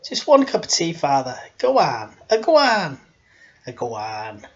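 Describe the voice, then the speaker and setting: A man's voice: a little high, wildly swooping pitch, unhurried, dull audio, full character voice. A man doing a pushy old Irish housekeeper. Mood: insistent. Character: pushy elderly Irish housekeeper woman offering tea.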